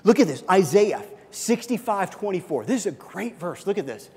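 Guy pastor with a high voice, chatty sermon, stumbles and repeats words, big hall echo. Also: moderate pace, breathy edge. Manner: conversational, repeats and restarts words; swings between loud animated bursts and soft hushed passages.

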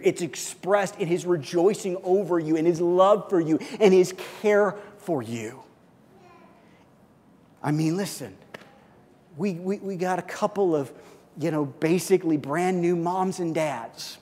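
In a large hall, a male pastor delivers a conversational sermon in a high-pitched voice. He often repeats and restarts words, swinging between loud, animated bursts and soft, hushed stretches.

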